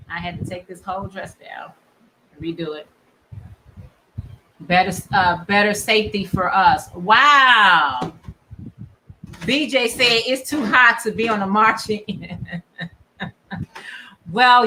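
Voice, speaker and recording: A woman hosting a crafting livestream, chatting casually and warmly reading out viewer comments. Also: medium pitch, a little hiss or hum, poor audio. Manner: chatty, reads viewer comments aloud, encouraging. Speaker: crochet livestream host. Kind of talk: casual chat with live viewers.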